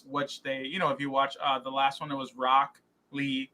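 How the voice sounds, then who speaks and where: Bright-voiced rambling man. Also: mid-range voice, normal speed. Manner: animated, rambling with many fillers and restarts. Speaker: podcast co-host. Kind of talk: casual podcast chat.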